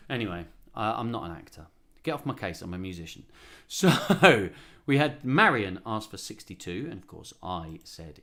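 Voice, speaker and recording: A man's voice: mid-range voice, wildly swooping pitch, normal speed, fairly bright tone. A man, a musician, hosting a casual livestream and chatting playfully between songs with a self-mocking humor. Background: guitar.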